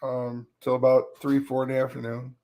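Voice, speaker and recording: A man with a gravelly, creaky voice chats casually as the show's producer. His replies come in a relaxed, laid-back way. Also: mid-range voice, fairly quick. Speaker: show producer. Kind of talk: casual chat.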